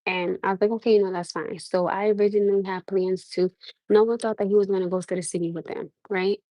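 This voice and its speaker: Young woman, New York-tinged accent, mellow warm voice, casual livestream chat, keeps asking viewers, dry close sound. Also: medium pitch, fast talker, no echo, low-quality recording. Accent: New York-tinged American. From Norwalk, USA. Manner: animated, repeats questions to the audience, restarts often. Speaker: livestream host.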